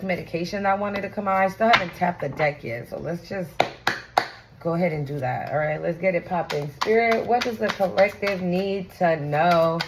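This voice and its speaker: A woman's voice: lowish voice, background noise. A woman giving a casual tarot reading to her viewers, chatty and blunt, swearing freely and talking in slang. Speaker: tarot reader.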